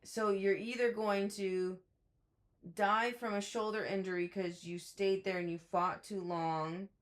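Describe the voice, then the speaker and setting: A woman's voice: medium pitch, steady tone, measured pace. A woman co-hosting a book podcast, chatting casually, often acting out characters' lines and swearing now and then. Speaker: podcast co-host.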